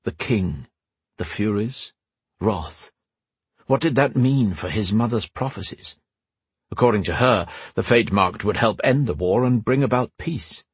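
A man reading a fantasy novel aloud as audiobook narrator, in a steady, measured way. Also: on the low side, breathy edge, no room sound.

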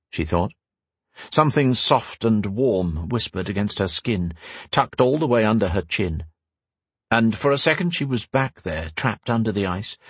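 Husky low-voiced male narrator. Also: dry recording. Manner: measured storytelling. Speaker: audiobook narrator. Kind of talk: scripted narration.

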